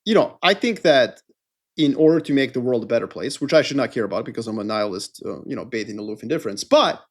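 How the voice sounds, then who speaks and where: A man's voice: medium pitch, animated, fast. A middle-aged man co-hosting a podcast in a casual, rambling, jokey chat. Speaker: podcast co-host.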